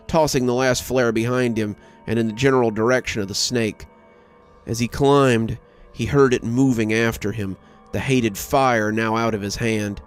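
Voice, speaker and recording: A man reading a horror story aloud in dramatic scripted narration, building tension toward sharp exclamations. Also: medium pitch. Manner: dramatic, rising to tense exclamations. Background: faint background music.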